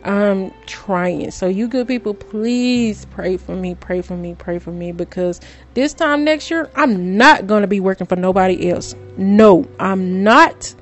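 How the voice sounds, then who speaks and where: A woman's voice: medium pitch, a little slow, soft background music. A woman podcast host, talking straight to her listeners in an emotional, preachy way. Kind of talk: casual monologue.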